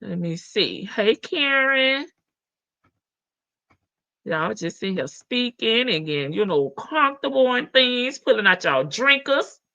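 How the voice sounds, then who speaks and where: A Southern American woman hosts a livestream, gossiping casually and folksily with viewers, laughing and calling them "baby" and "child." Her fairly high voice is very animated but slow, with vocal fry and a sharp tone. The stream audio is dull, lo-fi, and dry.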